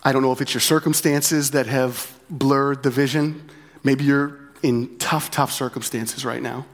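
A man's voice: mid-range voice, steady tone, a little slow. Conversational male pastor preaching. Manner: conversational, with frequent tag questions; repeats key phrases for emphasis. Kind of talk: sermon.

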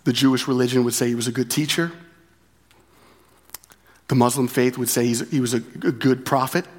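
A man in the pulpit preaching to his church in a middle-range voice. He talks casually and directly, often checking in with a quick question. He repeats his main points for emphasis. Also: mid-range voice, fairly even intonation. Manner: conversational, with frequent tag questions; repeats key phrases for emphasis. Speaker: pastor. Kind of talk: sermon.

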